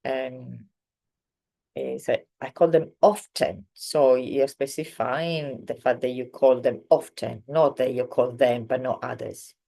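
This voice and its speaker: Low-voiced woman teaching language. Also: fairly even intonation, vocal fry, warm tone. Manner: explains slowly with many fillers, acts out example sentences. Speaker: Italian teacher. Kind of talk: online language lesson.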